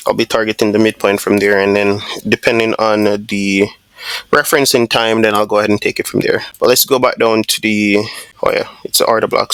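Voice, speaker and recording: Gravelly-voiced man talking through a trade. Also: on the low side, a bit bright, no room sound. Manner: casual, thinking aloud with many fillers and restarts. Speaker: trading video host. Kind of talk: live screen-share trade commentary.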